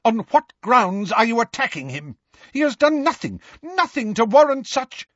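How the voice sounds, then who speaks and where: A man voicing a stern older female witch professor, shouting in indignation. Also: very high-pitched, animated, moderate pace, dry recording, muffled recording, voice pushed up, exaggerated voice. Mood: outraged.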